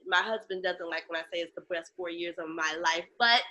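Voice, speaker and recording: A Chicago woman who works as a lactation educator and comedian appears as a guest in a casual interview, telling stories in a lively, animated way. She acts out other people's lines in a voice that's on the low side and a little fast.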